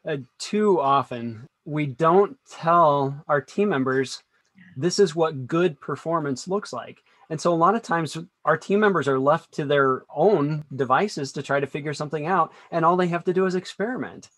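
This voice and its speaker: A man who is a business consultant, a guest in a podcast interview, explaining his points in a steady, instructive way. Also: on the high side, normal speed, dry recording. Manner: steady, explanatory, draws on teaching music. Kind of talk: conversational interview.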